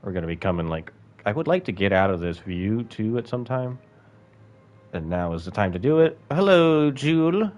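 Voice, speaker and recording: A man's voice: deep voice, big pitch swings, fairly quick, darkish tone. A young man streaming a space game, rambling and swearing casually, bursting into yelps and laughs. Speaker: gaming streamer. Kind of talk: casual gameplay commentary.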